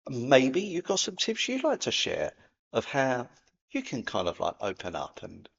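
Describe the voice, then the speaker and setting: A man with a Cockney accent giving an earnest, gently encouraging spiritual talk to camera, in a matey way. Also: mid-range voice, wildly swooping pitch, unhurried, vocal fry, husky, lo-fi sound. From London, England. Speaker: spiritual video host.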